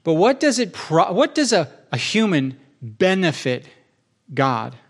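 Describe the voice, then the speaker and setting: A middle-aged man talks through a reflective topic in a relaxed, conversational way. His voice sits a little high for a man. He grows animated when he tells a story and drops into short acted asides. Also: unhurried. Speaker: podcast host. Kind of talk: casual reflective chat.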